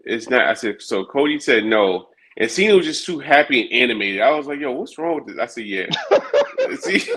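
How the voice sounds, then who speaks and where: A man's voice: medium pitch, huge pitch swings, moderate pace, a bit bright, a little hiss or hum. A man co-hosting a casual wrestling chat, rambling with many restarts and fillers. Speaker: podcast co-host.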